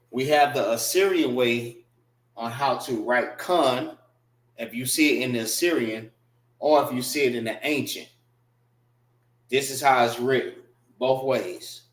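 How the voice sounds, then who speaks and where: Man teaching a class, very slow and patient with his words, in an echoey classroom. Mid-range voice. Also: medium pitch. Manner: patient, repeats words slowly, spells them out. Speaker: class instructor. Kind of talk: classroom lesson on writing and pronunciation.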